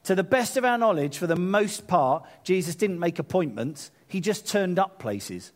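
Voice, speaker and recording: Man preaching, slightly high voice. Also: normal speed. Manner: retells scripture in lively paraphrase with asides. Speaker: pastor. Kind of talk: sermon.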